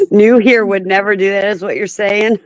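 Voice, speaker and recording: A woman's voice: medium pitch, steady tone, unhurried, dry recording, poor audio. A woman hosting a casual group chat, teasing her guests and laughing often. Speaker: host of an open chat panel.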